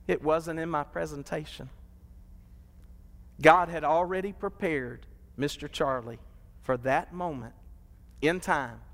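A man preaching a sermon, building to drawn-out, impassioned peaks. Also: fairly high pitch. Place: church sanctuary. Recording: long hall reverb.

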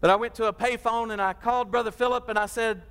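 A man preaching a sermon, building to drawn-out, impassioned peaks. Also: very high-pitched, fairly even intonation, fairly bright tone, clean tone. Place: church sanctuary. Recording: long hall reverb.

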